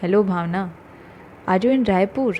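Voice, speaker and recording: A woman's voice: medium pitch, brisk, mellow, highs cut off, slight background noise, close to an everyday voice. A woman doing a stingy, sarcastic young man. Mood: exasperated. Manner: sarcastic, exasperated.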